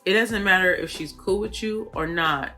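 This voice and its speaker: A woman hosting a reality TV recap, talking in a chatty, animated way full of fillers. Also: medium pitch, normal speed, soft background music. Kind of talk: casual commentary.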